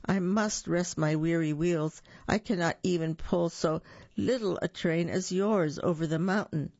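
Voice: medium pitch, darkish tone, dry recording, lightly acted. A reader voicing a tired, rusty old male engine who sighs and refuses to help, on a dull, slightly lo-fi recording. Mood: weary. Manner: slow, sighing, worn out.

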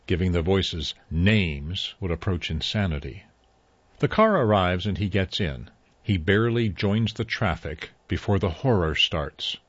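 Man, deep low voice, husky, measured story narration, dull dry recording. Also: no echo.

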